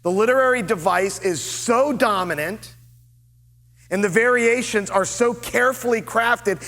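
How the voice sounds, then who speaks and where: A man preaching a sermon as lead pastor, earnest and deliberate, with dramatic pauses. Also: high voice, fairly bright tone, in a large hall. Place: church sanctuary.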